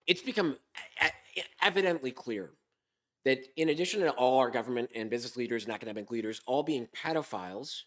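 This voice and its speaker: A man hosting a comedic podcast monologue, hoarse from a sore throat, with a sarcastic, rambling delivery. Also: medium pitch, brisk, fairly bright tone. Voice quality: hoarse, smoker-like. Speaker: podcast host.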